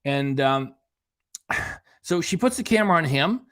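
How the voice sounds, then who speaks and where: A man's voice: on the high side, animated, measured pace, long pauses, fairly bright tone, no room sound, studio quality. A man hosting a reaction channel, giving sarcastic, rambling casual commentary.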